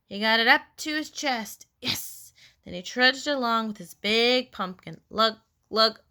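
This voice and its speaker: A woman reading a children's story aloud, expressive, with playful sound effects. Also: a little high, moderate pace. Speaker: storybook reader.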